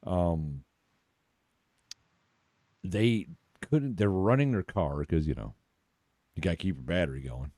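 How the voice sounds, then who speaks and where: A man's voice: low-pitched, expressive, a little slow, long pauses, mellow, no room sound, clean studio sound. A man co-hosting a podcast, telling laid-back stories and swearing casually. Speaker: podcast co-host. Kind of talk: casual chat.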